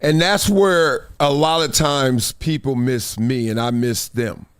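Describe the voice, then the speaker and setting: A man's voice: mid-range voice, takes it slowly, clean tone. A man hosting a live streamed commentary show, talking in an emphatic, preachy, conversational way. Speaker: show host.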